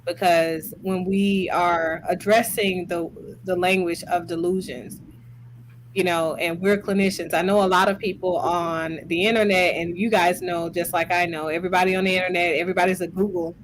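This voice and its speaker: A woman's voice: fairly low pitch, fairly even intonation, moderate pace, slight background noise. A woman hosting and speaking as a clinician, commenting on social media clips and stretching key words for emphasis. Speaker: host and clinician.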